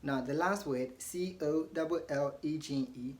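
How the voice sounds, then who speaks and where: A woman with a low-pitched voice gives a pronunciation lesson to her viewers. She spells each word out letter by letter, repeats the sounds slowly and checks in with "okay?" between examples. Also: darkish tone. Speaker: English pronunciation teacher. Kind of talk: scripted lesson.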